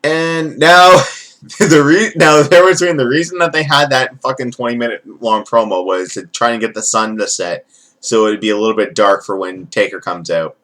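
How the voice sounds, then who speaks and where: A man's voice: mid-range voice, fairly bright tone. A man giving a rambling, profane, jokey recap as a casual wrestling event reviewer.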